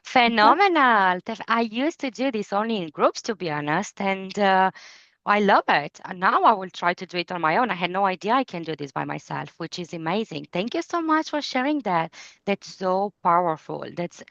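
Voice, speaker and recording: A woman's voice: medium pitch, animated, moderate pace, a bit bright, dry recording. Enthusiastic woman podcast host, dull dry audio. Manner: enthusiastic, effusive praise. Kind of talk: podcast interview.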